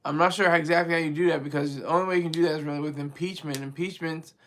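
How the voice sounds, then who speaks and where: A man hosting a casual political commentary vlog, talking in an animated, rambling way with frequent restarts. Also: on the high side, very fast. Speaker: vlog host.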